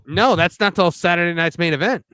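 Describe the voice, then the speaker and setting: A man's voice: high-pitched, a little fast, sharp tone, dry recording. A man hosting a casual live stream, joking around and reading viewer chat messages aloud. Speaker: host of a wrestling watch-party stream.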